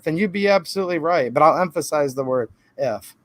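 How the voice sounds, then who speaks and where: Stream host, male, high voice, rambling emphatic delivery, dry home-studio sound. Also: lively intonation, a little fast, a bit bright, dry recording. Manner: rambling, emphatic, defensive asides. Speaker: channel host answering viewer comments. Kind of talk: casual live-stream talk.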